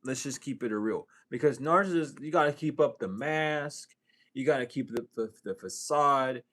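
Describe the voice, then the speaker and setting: A man's voice: moderate pace, a bit bright. A man giving a casual spiritual reading, profane and streetwise, full of rhetorical questions. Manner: swings from low mutter to high exclaims. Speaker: spiritual reader.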